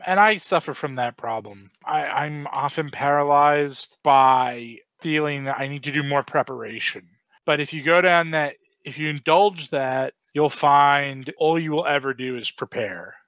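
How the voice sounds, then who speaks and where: Brief: young man, fairly high voice, earnest, dry close-miked sound. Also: moderate pace, fairly bright tone, no room sound. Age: young adult. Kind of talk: casual podcast discussion.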